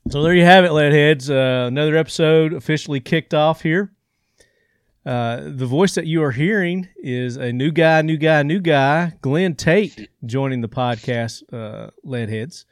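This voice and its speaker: Jovial podcast host. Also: male voice, a little high, clear, resonant tone, no room sound, clean studio sound. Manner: jovial, chuckling, quick asides. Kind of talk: casual chat.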